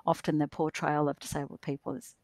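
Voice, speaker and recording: Low-pitched woman with a hesitant delivery. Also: level tone, brisk, gravelly, darkish tone, no echo. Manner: hesitant, with many fillers and restarts. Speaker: podcast guest. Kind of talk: casual discussion.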